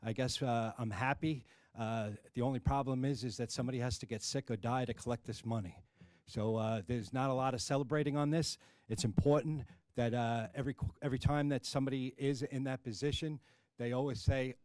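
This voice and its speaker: A union president with a thick Brooklyn accent speaks at a press conference, plainspoken and halting, stopping often on fillers. His voice sits at an ordinary pitch for a man. The sound is close and dry. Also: steady tone, darkish tone, dry recording.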